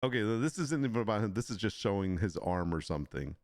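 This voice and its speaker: Man, livestream host, casual commentary, frequent laughter, incredulous, lively pitch. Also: fast, dry recording, studio quality.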